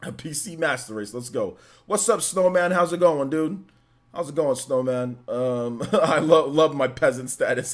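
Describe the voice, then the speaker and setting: Gaming stream host, male, slightly high voice, loose and chatty, rattles off shout-outs. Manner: upbeat, greets chatters by name one after another; loose and rambling, many fillers. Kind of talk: casual live-stream chat.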